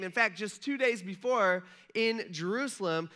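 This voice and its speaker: A man's voice: high voice, unhurried, sharp tone. A young adult male pastor preaching a casual, storytelling sermon, acting out the voices of people in the story.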